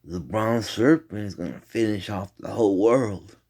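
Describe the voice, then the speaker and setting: A man voicing a talking male pet cat in whispered role-play, in a hushed, breathy, ominous whisper. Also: lowish voice, moderate pace.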